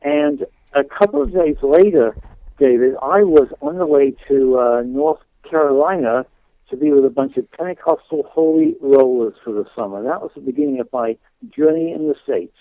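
A man's voice: fairly high pitch, normal speed, no room sound. A man with an English accent, a guest minister telling his story in a chatty, laughing way full of fillers and restarts. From England. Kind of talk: radio interview storytelling. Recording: dry tinny phone line.

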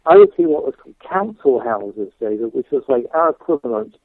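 English guy chatting on a call-in show, raspy-gravelly voice, lots of uh and you know, phone line sound. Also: mid-range voice, sing-song, fairly quick, no room sound. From England. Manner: chatty, laughing, many fillers and restarts. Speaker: guest minister. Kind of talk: radio interview storytelling. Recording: dry tinny phone line.

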